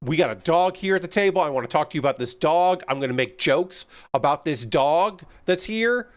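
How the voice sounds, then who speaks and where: A man doing a loud, jokey Jersey guy. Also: fairly high pitch, expressive, fairly quick, close to an everyday voice. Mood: joking. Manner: talkative, jokey. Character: loud chatty Italian-American man from New Jersey.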